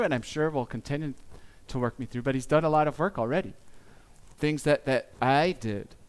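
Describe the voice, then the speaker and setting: A man giving a sermon as pastor, speaking earnestly and confessionally, with pauses and small restarts. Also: medium pitch, clear, resonant tone.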